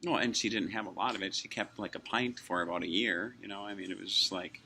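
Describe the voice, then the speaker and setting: A man in his forties musing casually at a fast-food restaurant, rambling and chuckling often as he acts out what people say. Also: sits low, steady tone, vocal fry, sharp tone, slight background noise. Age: 40s. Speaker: vlogger.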